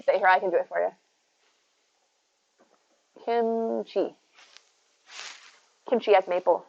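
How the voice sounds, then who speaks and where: A woman's voice: mid-range voice, fairly even intonation, slow, vocal fry, muffled recording, a little hiss or hum. A woman streaming from home, chatting casually and rambling to her viewers, reading and answering their messages by name. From United States. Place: home, indoors.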